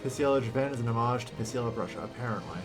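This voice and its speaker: A young man livestreaming a strategy game, exasperated and quick to swear, jumping from flat muttering to loud bursts of frustration. His pitch sits in the middle of the male range, and faint music plays underneath. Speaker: streamer. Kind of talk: casual game stream commentary.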